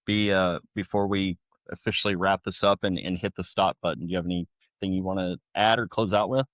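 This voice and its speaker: A man's voice: low-pitched, steady tone, fairly quick, a bit bright, no echo. A man co-hosting a podcast, easygoing and chatty, wrapping up with thanks and sign-offs. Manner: easygoing, brief interjections. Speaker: podcast co-host.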